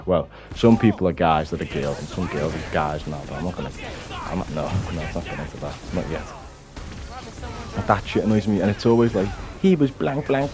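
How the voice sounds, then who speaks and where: A young man ranting bluntly to camera, swearing often and restarting his sentences. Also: low-pitched. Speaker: vlogger. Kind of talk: unscripted rant to camera.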